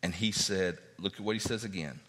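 A man preaching a sermon, reading scripture aloud and acting out what the characters say in an animated way. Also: deep voice, a little fast, in a large hall. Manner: animated, acts out biblical characters' speech.

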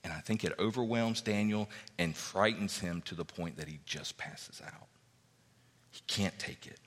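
A man preaching a sermon, reading scripture aloud and acting out what the characters say in an animated way. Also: sits low, normal speed, long reverb tail. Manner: animated, acts out biblical characters' speech.

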